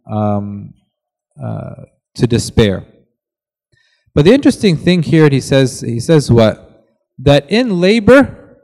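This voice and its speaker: A man's voice: mid-range voice, warm tone, big-room sound, poor audio. A man preaching a sermon in an earnest way, reading scripture aloud with rising emphasis.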